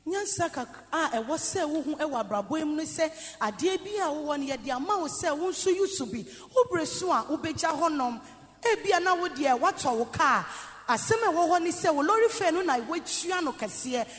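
Very high-voiced Ghanaian interpreter. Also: male voice, lively intonation, a bit bright. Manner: echoes the preacher's lines quickly and emphatically. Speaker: sermon interpreter. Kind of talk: live sermon interpretation. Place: church hall. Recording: long church reverb.

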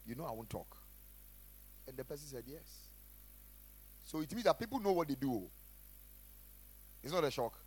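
A man preaching a sermon as pastor, emphatic, repeating phrases and swinging between loud and quiet. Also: a little high, very animated, moderate pace, pauses often, slightly rough. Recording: faint music behind.

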